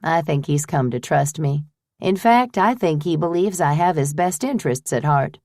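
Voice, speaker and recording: A woman voicing a shrewd older woman who runs a boarding house, brisk, firm and teasing. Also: low-pitched, animated, darkish tone, no echo, clean studio sound. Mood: playful.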